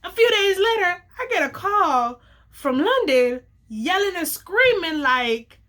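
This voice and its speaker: A young adult woman casually telling a personal story, acting out the dialogue with lively slang. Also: extremely high pitch, unhurried. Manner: animated, acts out quoted dialogue, casual slang.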